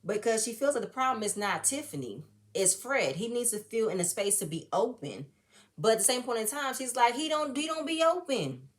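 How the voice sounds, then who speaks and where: A woman's voice: fairly high pitch, sing-song, a little fast. A woman giving a blunt, fired-up, profane recap and review of a reality show episode. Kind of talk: casual opinionated recap.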